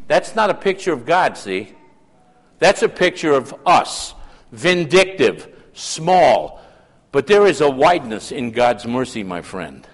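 Emphatic preacher in a reverberant hall. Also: male voice, a little high. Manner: dramatic, swings between loud emphatic calls and hushed asides. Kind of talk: sermon.

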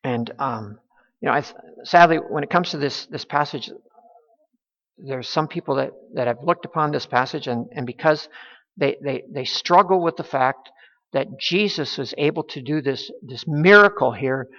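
A man preaching a sermon as pastor, halting, with many restarts and fillers. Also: medium pitch, a bit bright. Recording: dull sound with long hall reverb.

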